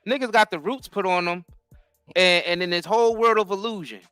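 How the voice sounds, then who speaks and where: A man's voice: high-pitched, a little fast, sharp tone, smooth, no room sound, faint music behind. A man co-hosting a podcast, talking in a casual, emphatic, profane way. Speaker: podcast co-host. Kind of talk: casual chat.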